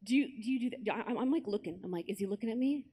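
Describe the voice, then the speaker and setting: A young American woman giving a personal testimony at a conference, telling her story with lively acted-out asides and quotes. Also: fairly high pitch, very fast, breathy edge. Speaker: conference speaker. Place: large conference hall with an audience.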